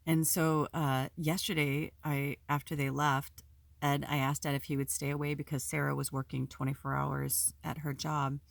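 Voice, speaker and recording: A woman's voice: low voice, level tone, moderate pace, creaky, no echo. A woman host talking casually and emotionally about her life at home, rambling with many fillers and some swearing. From Pacific Northwest United States. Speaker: spiritual video host. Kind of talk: casual personal vlog talk.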